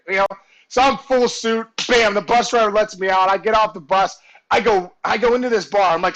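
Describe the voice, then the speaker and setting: High, gravelly-voiced animated man storyteller. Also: brisk, poor audio. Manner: animated, acts out voices and shouts in his stories. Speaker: guest storyteller, former ballplayer. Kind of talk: casual storytelling chat.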